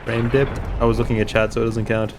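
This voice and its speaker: A man's voice: medium pitch, level tone, fast, background noise. A man streaming a video game, chatting with his viewers and teasing enemies in a dry, joking way. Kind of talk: casual gameplay commentary. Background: game music.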